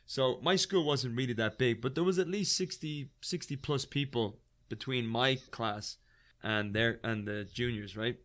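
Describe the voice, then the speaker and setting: A man in his thirties, a former fighter, telling a story in an animated, rambling way full of "like" and "right?". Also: medium pitch, a little slow. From Ireland. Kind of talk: casual storytelling.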